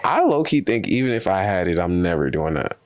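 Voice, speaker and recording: Teasing man co-host, expressive voice. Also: low-pitched, a little fast. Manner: teasing, swears freely, joking. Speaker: podcast co-host. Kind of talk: casual chat.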